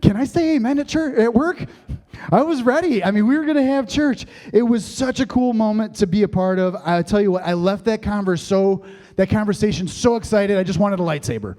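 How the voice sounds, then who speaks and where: A man with a high voice preaches to his congregation as their pastor. He tells stories, cracks jokes and laughs along, and builds up lively excitement as he goes. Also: a little fast. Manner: joking, storytelling, laughs often; animated, rising excitement. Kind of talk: sermon.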